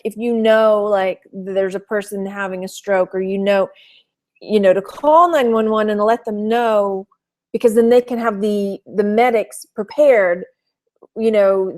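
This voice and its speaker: A woman from Texas chatting casually on a live stream, rambling through a personal story with lots of "you know" fillers and pausing to greet viewers by name. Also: medium pitch, darkish tone. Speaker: thrift reseller vlogger.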